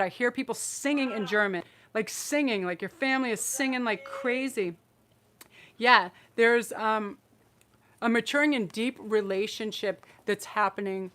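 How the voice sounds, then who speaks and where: A woman's voice: a little high, a bit bright. A woman hosting a live-streamed tarot reading, effusive and emotional, rambling through her messages with restarts. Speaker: tarot reader and channel host.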